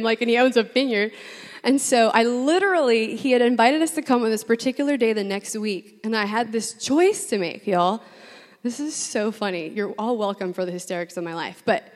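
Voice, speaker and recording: A young woman from New Orleans telling a personal story to a room full of women, chatty and animated, laughing often and saying 'like' a lot. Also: medium pitch. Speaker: speaker addressing a women's gathering. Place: large room with an audience. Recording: long hall reverb.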